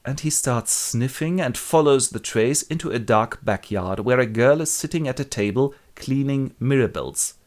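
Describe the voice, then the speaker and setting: A man's voice: medium pitch, animated, normal speed, hardly any pauses, a little mellow. A man narrating a comic book summary in a wry, playful, joking way. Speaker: literature video host.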